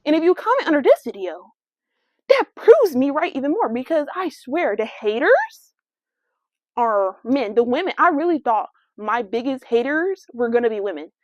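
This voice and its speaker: Brash young woman podcast host, fairly high voice, dry dull lo-fi sound. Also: normal speed, no echo. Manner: brash, sassy, slangy and animated. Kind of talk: casual solo podcast rant.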